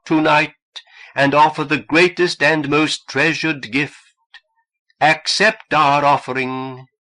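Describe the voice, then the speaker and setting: A man reading an audiobook and voicing a male cult leader who chants slowly and loudly in a sing-song way, calling on the devil. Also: fairly high pitch, fairly even intonation, pitched above the performer's own voice. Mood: solemn chanting.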